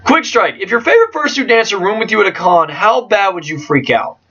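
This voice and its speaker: A man answering viewer questions in a casual vlog, excitable and jokey, trailing off and restarting. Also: high voice, brisk, slightly rough, faint music behind. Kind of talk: casual chat. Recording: distant, dull lo-fi mic.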